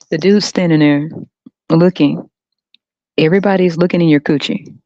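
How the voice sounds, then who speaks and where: A woman's voice: lowish voice, fairly even intonation, normal speed, mellow, no room sound. A woman hosting a podcast, ranting crudely and profanely to her viewers and breaking into laughter often. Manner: addresses viewers directly. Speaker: podcast host. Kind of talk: solo ranting monologue. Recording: dull dry lo-fi recording.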